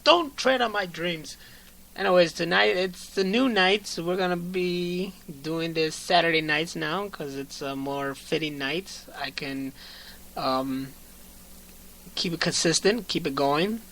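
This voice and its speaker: Brief: bright-voiced, joking male podcast host, loud and playful. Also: on the high side, steady tone, measured pace, gravelly, a little hiss or hum, low-quality recording. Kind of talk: casual podcast chat.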